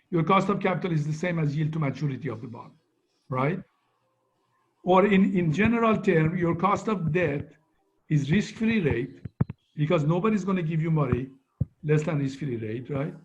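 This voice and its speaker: Male lecturer on muffled call audio. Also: a little high. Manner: conversational, keeps asking "right?". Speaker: finance lecturer. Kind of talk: online lecture review.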